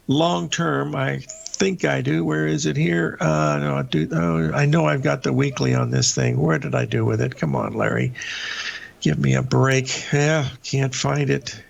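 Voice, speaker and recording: Older man, deep gravelly fry, rambling folksy market commentary, lots of uhs, dull lo-fi audio. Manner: rambling, folksy, many filler uhs and restarts. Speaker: market show host. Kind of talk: live market commentary over charts.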